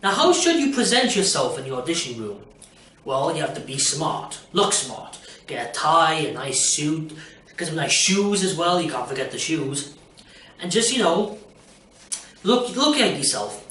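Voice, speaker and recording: In this casual, self-made audition recording, a young would-be performer goofs around about auditioning and performing, filling his speech with "you know" and other fillers. His voice is a little high and fairly bright. He's distant from the mic in an echoey room, with slight background noise.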